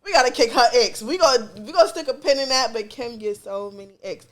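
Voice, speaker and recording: A woman's voice: on the high side, animated, quick pace. A woman co-hosting a podcast, chatting casually and animatedly, laughing often and swearing freely. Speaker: podcast co-host. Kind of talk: casual chat.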